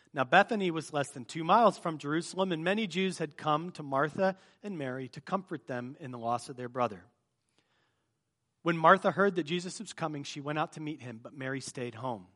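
A man pastor giving a sermon, reading scripture aloud and breaking into lively, joking storytelling asides. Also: a little high.

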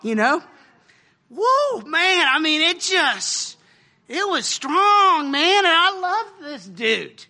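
A middle-aged man giving an informal, animated sermon about a mission trip, laughing often and using casual slang. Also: very high voice, slow. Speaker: speaker sharing a mission trip story.

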